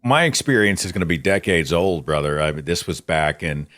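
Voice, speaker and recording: A man with an Oklahoman accent hosting a call-in show, animated and quick to laugh, his pitch jumping up when he makes a point. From Oklahoma, USA. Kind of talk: casual call-in talk.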